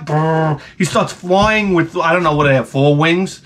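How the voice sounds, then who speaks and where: A man ranting casually to the camera, profane and wry, acting out quotes as he tells funny stories. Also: a little slow. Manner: animated storytelling, acts out quotes in a high voice. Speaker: vlogger. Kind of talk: casual comedic rant.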